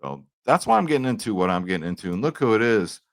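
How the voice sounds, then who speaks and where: A man's voice: on the low side, very animated, quick pace, no echo. A young man casually talking through his sports betting picks, chatty and upbeat, often checking in with his viewers. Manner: chatty, upbeat, says "right?" and "guys" a lot. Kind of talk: casual picks video talk.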